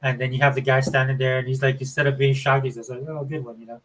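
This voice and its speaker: A man's voice: mid-range voice, level tone, fast talker, a bit bright, poor audio. A man from Florida hosting a casual gaming show, rambling with enthusiasm and saying "dude" and "man" often. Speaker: show host.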